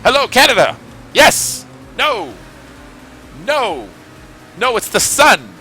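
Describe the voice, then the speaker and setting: A man voicing a small-town cartoon villain who shouts exasperated lines into a phone. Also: extremely high pitch, huge pitch swings, slow, creaky, a little hiss or hum, voice pushed up, heavily acted.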